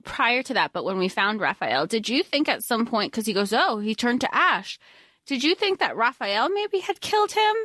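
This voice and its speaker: A woman's voice: on the high side, big pitch swings, normal speed, sharp tone, no echo, clean studio sound. A woman co-hosting a podcast, talking animatedly and swearing casually as she discusses a book. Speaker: podcast co-host.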